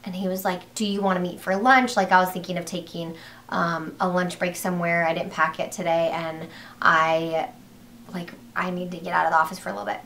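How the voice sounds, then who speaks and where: A young woman talks straight to her viewers in a casual vlog. She tells the story in a loose, rambling way, full of "like" and false starts, and her voice jumps up with excitement. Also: fairly low pitch, a little fast, slight background noise. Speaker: vlogger.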